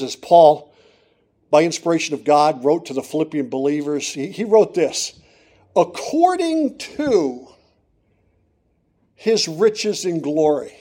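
A middle-aged man preaching a sermon, moving from quiet storytelling to loud, emphatic declarations. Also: medium pitch.

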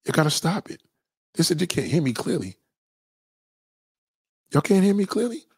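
A man's voice: fairly high pitch, big pitch swings, normal speed, husky, no echo, clean studio sound. A man hosting a livestream, giving a crude, profane rant in a blunt, lecturing way and reading out messages from his chat. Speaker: livestream host.

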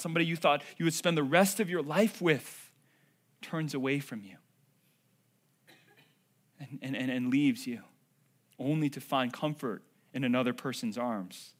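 Dynamic male preacher, loud to hushed. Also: fairly high pitch. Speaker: pastor. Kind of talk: sermon.

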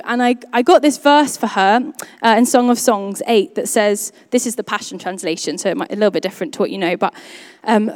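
A young woman with a fairly high, smooth voice gives a church testimony. She talks in a loose, chatty way, filling her sentences with "um" and "like". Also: brisk, no room sound, studio quality. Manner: chatty, many fillers like "um" and "like". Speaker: church speaker sharing a testimony. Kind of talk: personal testimony talk.

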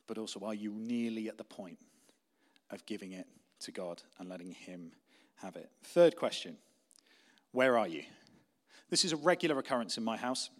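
A young adult man preaching a sermon as pastor, conversational and story-driven, dropping to a quiet, intense tone for key points. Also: lowish voice, lively intonation, normal speed.

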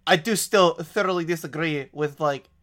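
A man's voice: a little high, moderate pace, fairly bright tone. A man playing a tabletop game, arguing in character and often breaking into laughter. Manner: argumentative, laughing. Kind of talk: in-character role-play.

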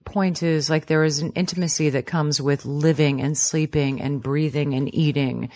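A woman's voice: deep voice, steady tone, moderate pace, warm tone, no room sound. A woman in her forties in casual chat, blunt and teasing, laughing often and swearing. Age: 40s.

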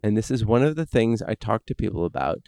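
Male podcast co-host, lively pitch, rambling delivery, dry close mic. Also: fast, creaky, no echo. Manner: animated, rambling with many restarts. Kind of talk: casual chat.

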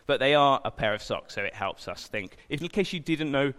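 A man's voice: mid-range voice, lively intonation, a little fast, fairly bright tone, smooth. A young man giving an informal sermon, chatty and self-deprecating, with jokey asides. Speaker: preacher. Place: church hall. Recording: long hall reverb.

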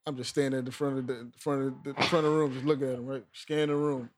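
Slangy young man telling stories fast. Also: mid-range voice, level tone. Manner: slangy, storytelling, drops to hushed voice for quotes. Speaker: podcast co-host, new teacher. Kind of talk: casual chat.

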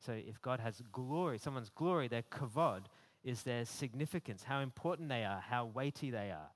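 A man's voice: medium pitch, lively intonation, normal speed. Man preaching conversationally. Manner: conversational, repeats words, laughs lightly, builds emphasis. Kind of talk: sermon.

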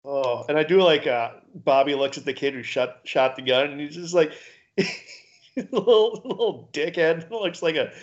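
A man's voice: fairly high pitch, normal speed, hardly any pauses. Laughing, profane podcast co-host man. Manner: laughs often while theorizing, loose and profane. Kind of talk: casual chat. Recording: dull lo-fi recording.

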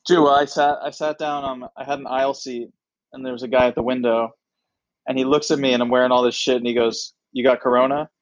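Chatting casually, this comedian guest spins an animated tale and takes on the voices of the people in it. He talks fast at a middle pitch, and the lo-fi recording is close and dry, without room echo.

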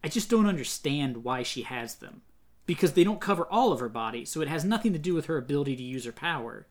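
A man's voice: on the high side, expressive, fast. A man co-hosting a comic book podcast in casual chat, opinionated and rambling, full of "like". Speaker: podcast co-host.

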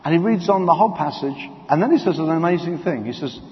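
A man delivers a sermon in a big reverberant hall, with a fairly high voice. He tells the story vividly and acts out the quotes. The recording sounds dull and a little muffled. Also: expressive, quick pace. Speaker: preacher.

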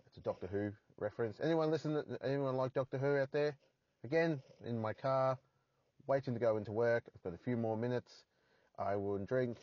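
A man's voice: medium pitch, moderate pace, no echo, dull audio. An Australian man hosting a solo podcast from his parked car, rambling and poking fun at himself with crude jokes. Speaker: podcast host.

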